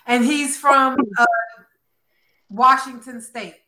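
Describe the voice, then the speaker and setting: A woman with a high, bright, sharp voice talks in an animated, gossipy way and keeps throwing in "honey" and "girl". Her voice rings in a roomy, echoey space, and she sounds like she is hosting a casual chat. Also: takes it slowly. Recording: roomy echo.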